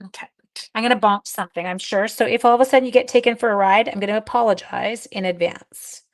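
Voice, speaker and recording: Her pitch is medium and her pace quick. She's a tired middle-aged woman hosting a live craft session, talking casually to the people watching while she works.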